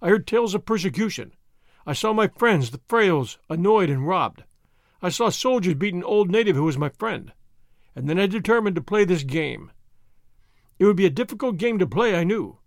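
A man's voice: sits high, dry recording, studio quality. A man voicing a courteous, wry masked swordsman who speaks with easy gallantry. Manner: courteous, wry, languid at times.

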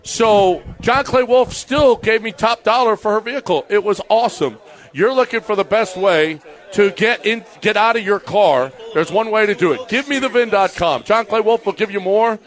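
A man's voice: high voice, normal speed. A man hosting a live radio show from a bar party, bantering brashly and reading ads. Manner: brash, teasing, salesman-like.

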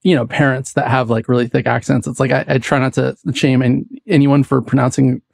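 A man's voice: medium pitch, a little fast, creaky, no echo, clean studio sound. A young adult man from the US West Coast, a podcast guest talking casually, loose and rambling with frequent laughs. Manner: relaxed, rambling, laughs often. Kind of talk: casual chat.

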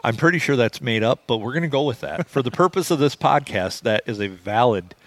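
A man's voice: medium pitch, lively intonation, brisk, dry recording. A man co-hosting a podcast, telling rambling stories in a wry, casual way. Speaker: podcast co-host.

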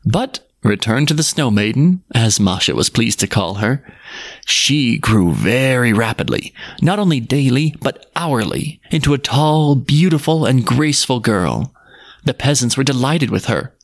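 Male storyteller, measured fairy-tale narration, close and dry, mid voice. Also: mid-range voice, expressive, dry recording.

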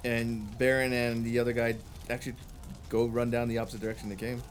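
A man's voice: mid-range voice, monotone, fast talker, slight background noise. Casual male game master narrating. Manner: filler-heavy, casual.

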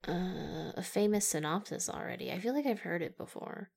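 A woman's voice: fairly low pitch, expressive, moderate pace, gravelly, darkish tone, slightly rough. Giggly woman co-hosting a podcast. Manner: giggly, amused by her own jokes. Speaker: podcast co-host. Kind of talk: casual movie-review chat.

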